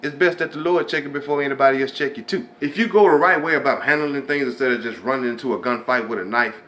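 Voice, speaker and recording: Bright-voiced man giving a preachy pep talk. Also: fast talker. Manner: preachy, conversational, drops to a low hush for imagined inner thoughts. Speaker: host. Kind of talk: motivational faith talk.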